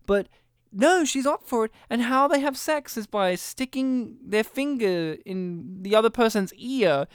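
A woman's voice: a little high, measured pace, clean tone, dry recording, studio quality. Laughing woman recapping a movie. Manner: laughing, animated storytelling with imitations. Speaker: podcast co-host. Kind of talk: casual movie review chat.

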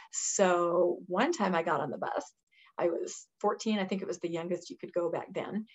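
Guest, woman, 50s, animated storyteller who mimics people and laughs easily, mid pitch, somewhat lo-fi sound. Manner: animated storyteller who acts out quoted voices and laughs often. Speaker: interview guest. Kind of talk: conversational storytelling.

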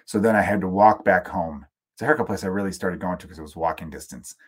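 Male podcast host from the US, solo rant, profane, animated, sarcastic. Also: sits low, fast, husky. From United States.

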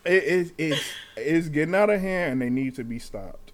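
A young man in his twenties hosts a podcast, telling a story in loose, casual chat. His voice sits a bit high for a man and swoops up and down a lot. He acts out every line that was said to him, laughing as he goes. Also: moderate pace, slight background noise. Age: 20s. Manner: animated, acts out quotes with laughs. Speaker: podcast host.

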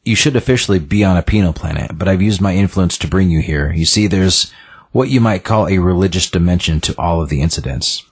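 A man voicing a smooth, scheming male spymaster, reading the lines slowly in his low, husky voice. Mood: smug.

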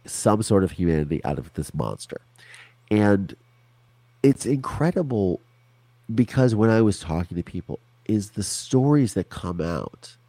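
A man's voice: lowish voice, big pitch swings, a little slow, mellow, no echo. A man as an interview guest, talking candidly and animatedly in a casual conversation over a remote call, with frequent restarts and swearing.

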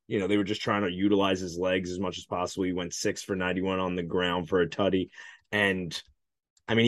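A man's voice: fairly low pitch, no room sound. A man co-hosting a sports podcast, rambling in a laid-back way about games and bets and swearing freely. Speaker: podcast co-host, betting analyst. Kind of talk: casual sports podcast chat.

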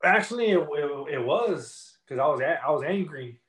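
A man's voice: on the high side, lively intonation, normal speed, fairly bright tone, rough recording. A young man, a rapper, telling his story in a casual interview in loose street slang full of fillers.

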